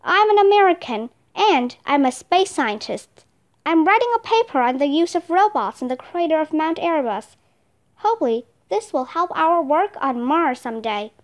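A woman's voice: high-pitched, sing-song, normal speed. A woman reading aloud, voicing an adult female scientist introducing herself matter-of-factly.

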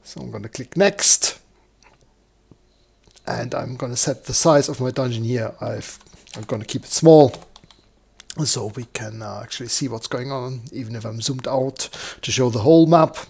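A man with a croaky, slightly hoarse voice, walking through a software demo live and thinking aloud with lots of fillers. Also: medium pitch, moderate pace. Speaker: software tutorial presenter. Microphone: desktop microphone.

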